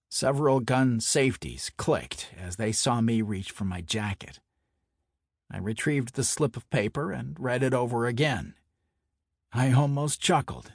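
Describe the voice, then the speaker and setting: Husky-voiced man narrating a hard-boiled story. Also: fairly low pitch, no echo, studio quality. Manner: measured, wry, hard-boiled. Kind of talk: first-person story narration.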